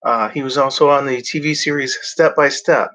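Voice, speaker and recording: A man talking casually as a show host, halting with many fillers and restarts. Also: mid-range voice, fairly even intonation, fairly bright tone. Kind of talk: casual rambling chat.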